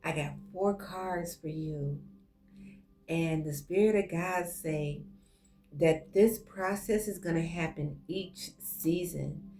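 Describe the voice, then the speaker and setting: With music clearly audible in the background, a tarot reader talks directly to her viewers in a casual, effusive online reading. She has a lowish, mellow voice and takes her time, speaking slowly.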